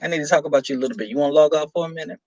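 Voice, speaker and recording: A woman's voice: sits low, rapid-fire, darkish tone, dry recording. A chatty, teasing middle-aged woman hosting a live stream and reading viewer comments aloud. Her close, dry voice sits right against the mic with no room sound, and she laughs often between remarks.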